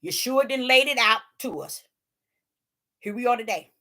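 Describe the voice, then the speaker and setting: A woman's voice: a little high, normal speed, sharp tone. A woman preaching informally, emphatic and rhetorical, with folksy dialect and phrases repeated for emphasis.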